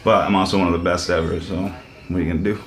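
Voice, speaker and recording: A man doing loose stand-up, riffing with dark, profane, self-deprecating jokes. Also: sits low, steady tone, racing, background noise. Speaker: stand-up comic.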